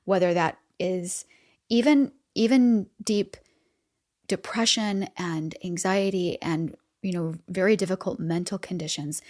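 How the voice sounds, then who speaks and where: A woman's voice: lowish voice, darkish tone. Chatty woman podcast host, laughing often. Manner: conversational, laughs often, many fillers. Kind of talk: casual motivational talk.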